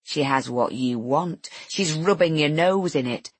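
A woman voicing a cold, goading female inner voice, speaking slowly and menacingly. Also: slightly rough, no echo. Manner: slow, low, menacing.

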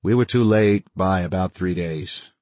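A man voicing a calm, quietly menacing male commander who speaks softly and measured. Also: deep voice, no room sound. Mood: grim. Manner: soft-spoken, measured.

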